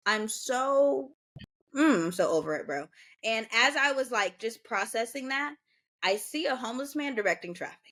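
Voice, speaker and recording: A young woman co-hosting a podcast, talking in relaxed, slangy casual chat and reacting with short replies. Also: on the high side, normal speed. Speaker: podcast co-host.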